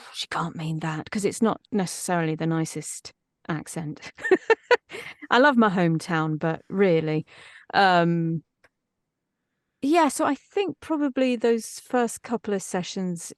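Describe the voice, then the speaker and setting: Chatty voice actress, dry sound. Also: female voice, fairly low pitch, dry recording. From East Midlands, England. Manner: chatty, animated storyteller. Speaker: voice actress guest. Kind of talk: casual interview chat.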